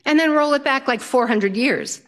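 An older woman telling a personal story to an audience, with an animated, playful delivery and frequent laughter. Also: sits high, moderate pace.

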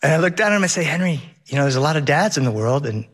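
Racing along with a breathy edge, a middle-aged man spins a humorous tale about his own life on stage. The delivery is vivid and animated, and he briefly mimics his son with a high, whining voice.

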